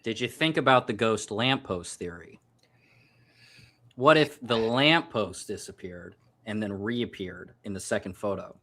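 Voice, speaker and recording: A man's voice: fairly low pitch, animated, unhurried, pushed and bright. A man co-hosting a podcast as a guest, chatting casually with dry teasing humor. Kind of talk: casual joking chat.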